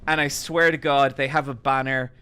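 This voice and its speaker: A man streaming a game while telling a casual, animated story and swearing freely. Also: medium pitch, normal speed, a little hiss or hum.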